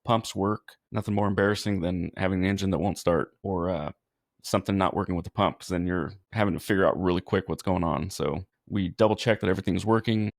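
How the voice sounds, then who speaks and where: Gravelly low-voiced man telling stories. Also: steady tone, fast, no room sound, studio quality. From California, US. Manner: earnest, self-described goofy, easygoing. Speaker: firefighter guest. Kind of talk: casual storytelling.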